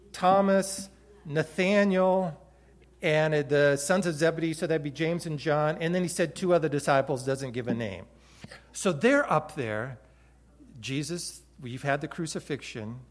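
A man preaching a sermon who retells the story vividly, swinging between loud emphasis and quiet moments. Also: a little high. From Hawaii. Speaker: pastor.

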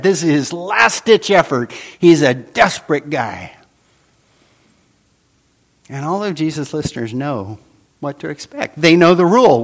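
Guy preaching a sermon, slow and deliberate, voice jumps all over, loud then hushed. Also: on the high side. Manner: dramatic, swings between loud emphasis and hushed drops. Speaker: pastor.

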